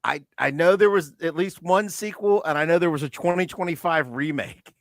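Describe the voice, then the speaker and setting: High-voiced laughing male podcast co-host. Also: moderate pace, no echo. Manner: animated retelling with frequent laughs and fillers. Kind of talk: casual chat.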